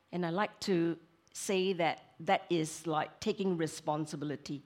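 A woman who is a counselor, preaching a sermon in an expressive way, moving between emphatic lines and hushed asides. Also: fairly low pitch, measured pace.

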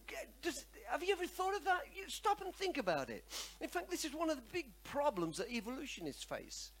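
Man preaching, high voice, very lively swings in pitch, calls for congregation response. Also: a little fast. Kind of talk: sermon with personal testimony.

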